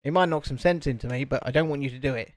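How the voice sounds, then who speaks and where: A man's voice: mid-range voice, very fast. A man chatting casually and joking as co-host of a live stream. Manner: joking, rambling. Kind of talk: casual chat.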